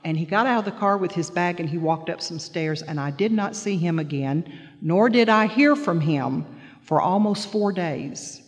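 A middle-aged woman shares a heartfelt personal testimony with an audience. She tells it earnestly, and her voice sinks soft and low in the painful parts. Her voice carries a long reverb, as if spoken in a big hall. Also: expressive, moderate pace. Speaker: guest speaker sharing personal testimony.

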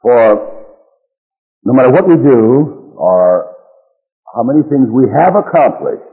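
A man's voice: medium pitch, big pitch swings, slow pace. A man giving a folksy, self-deprecating speech full of jokes at a recovery meeting in a large hall. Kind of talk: joke-filled speech. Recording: dull old recording in a reverberant hall.

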